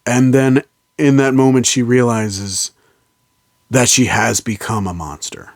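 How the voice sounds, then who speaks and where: A man's voice: mid-range voice, steady tone, a little slow, dry recording. Rambling male movie reviewer, dry sound. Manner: rambling, fillers and restarts, slips into quoted lines. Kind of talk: casual spoiler recap of a film.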